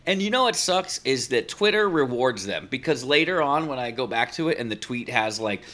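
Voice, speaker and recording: A young adult man co-hosting a fan podcast, talking in excited, profane bursts about a show's finale. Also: mid-range voice, moderate pace. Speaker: podcast co-host. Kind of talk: casual chat.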